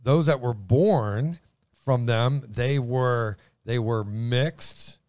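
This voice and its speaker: An excitable man teaching the Bible in a casual chat, his voice booming as he stumbles over restarts. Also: extremely slow, dry recording, clean studio sound.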